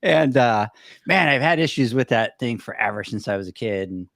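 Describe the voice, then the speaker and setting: A man's voice: medium pitch, animated, moderate pace, creaky, fairly bright tone, dry recording, studio quality. A middle-aged man co-hosting a podcast, telling a rambling, self-deprecating story with many restarts. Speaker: podcast co-host. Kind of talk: casual storytelling chat.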